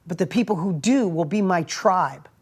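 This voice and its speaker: A man speaks in a casual motivational talk, telling stories in simple everyday language. His delivery is animated and emphatic, climbing into excited bursts and then dropping to quiet, confiding asides, with a habit of checking in with "right?". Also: high-pitched, moderate pace, husky. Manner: plain everyday wording, frequent "right?" tags. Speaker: motivational speaker and entrepreneur host.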